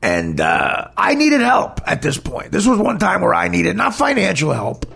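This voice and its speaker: A man's voice: high voice, wildly swooping pitch, moderate pace, creaky, fairly bright tone, slightly rough. A man hosting a podcast, telling a candid personal story in a blunt, profane, rambling way. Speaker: podcast host.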